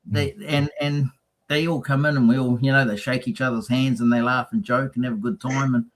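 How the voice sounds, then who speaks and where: Brisk and medium-pitched, with fairly even intonation, a racing team guest tells stories in casual conversation, performing the quotes as he goes. The recording quality is rough.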